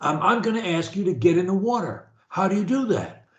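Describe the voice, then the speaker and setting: A man's voice: high voice, sing-song, brisk, a bit bright, highs cut off. A man coaching a stuttering client over a video call, talking with energy and emphasis and drilling phrases for the client to repeat. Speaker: speech coach. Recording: echoey room on a video call.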